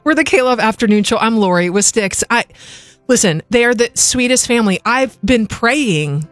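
A woman's voice: on the high side, no room sound. Candid, laughing woman radio co-host. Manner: candid, earnest, quick to laugh. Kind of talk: Christian radio talk chat.

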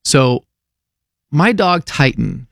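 Animated male radio host, lively pitch. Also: very slow, creaky, no echo, clean studio sound. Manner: animated storyteller, does high squeaky voices for quoted people. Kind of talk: casual morning radio storytelling.

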